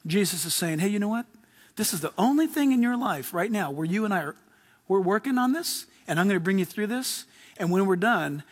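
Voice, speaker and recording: A middle-aged man preaching a sermon with a fairly high-pitched voice. He talks in a loose, excitable, slangy way, jumping between Bible readings and chatty asides. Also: slightly rough. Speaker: pastor.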